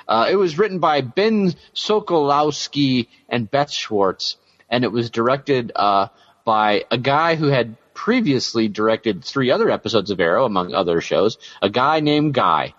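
A man's voice: medium pitch, sing-song, moderate pace, fairly bright tone. A man co-hosting a casual podcast, rambling with fillers and laughing often. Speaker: podcast co-host. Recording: dull lo-fi audio.

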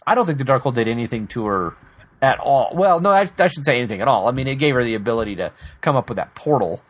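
A man's voice: mid-range voice, lively intonation, fast talker. A man co-hosting a casual TV episode recap, laughing often and restarting his sentences. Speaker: podcast co-host.

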